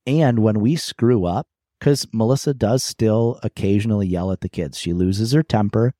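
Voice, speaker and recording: A middle-aged man with a fairly low, warm, mellow voice, co-hosting a casual podcast. He tells candid personal stories thoughtfully and often restarts his sentences. The sound is close and dry. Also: moderate pace, dry recording. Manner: reflective, candid storytelling with frequent restarts. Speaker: podcast co-host. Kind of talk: casual conversational podcast chat.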